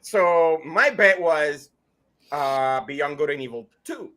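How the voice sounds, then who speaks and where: A man co-hosting a casual gaming podcast, playful and animated as he tells his side. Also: fairly high pitch, takes it slowly. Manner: playful mock threats, animated storytelling. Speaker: podcast co-host.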